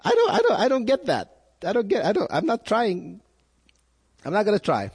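A man preaching a sermon in a lively, swooping voice that sits a little high for a man. He jumps up sharply in pitch and stumbles over repeated words as he presses his point. His voice rings out with a long reverb, like a large hall. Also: normal speed, breathy edge. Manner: animated preaching with sudden rises and repeated words. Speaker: pastor.

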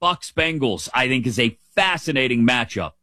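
A man's voice: mid-range voice, animated, normal speed, bright, forceful tone, dry recording. A middle-aged man hosting a sports show, giving casual, playful, opinionated commentary with a lot of emphasis. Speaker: sports podcast host.

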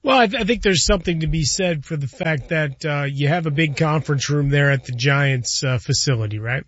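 A man's voice: fairly high pitch, brisk, fairly bright tone. A man co-hosting a sports talk show, chatting casually about football and betting, often tagging his points with "right?". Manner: conversational, tags statements with "right?", chuckles. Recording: dull lo-fi recording.

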